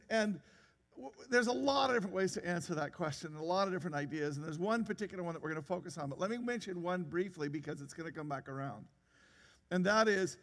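A man's voice: sits high, long reverb tail. A man preaching a sermon in a church, conversational, with rhetorical questions and frequent restarts. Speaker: pastor.

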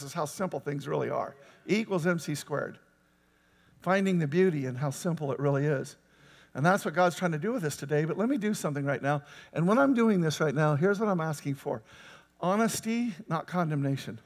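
A man's voice: a little high, lively intonation, a little fast, in a large hall. A man preaching a sermon, talking with the congregation in a conversational way and asking them questions. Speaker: pastor.

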